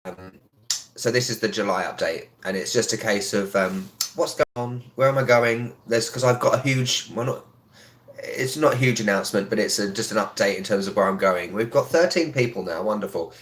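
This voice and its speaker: A man hosting a casual live stream from home, talking quietly with a sore throat, greeting viewers with lots of ums. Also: on the low side, moderate pace. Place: indoors in a home.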